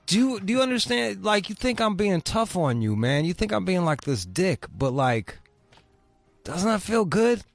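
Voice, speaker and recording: A man's voice: high-pitched, very animated, moderate pace, vocal fry, no room sound, soft background music. A man hosting a radio show, bantering crudely in a brash, profane, needling way.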